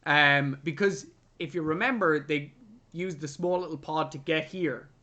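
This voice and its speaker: A young adult man co-hosting a movie review podcast, casually and animatedly retelling scenes and jumping into loud voices for the characters. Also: on the high side, a little slow, dull audio. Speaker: podcast co-host.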